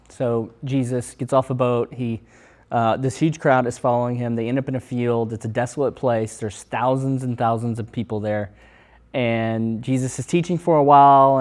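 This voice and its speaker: A man's voice: mid-range voice, a little mellow. Earnest man retelling a Bible story. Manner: earnest storyteller, acts out the disciples' lines. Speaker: panelist.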